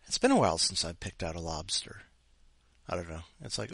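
A man hosting a podcast who rambles casually and playfully. His pitch moves around a lot, and the recording is dry and close. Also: big pitch swings, a little fast, creaky, slightly rough, dry recording. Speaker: podcast host. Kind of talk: casual chat.

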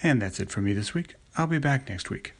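A man reading his own short stories in a plain, steady storytelling manner. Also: on the low side, fairly quick, creaky. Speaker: story contributor.

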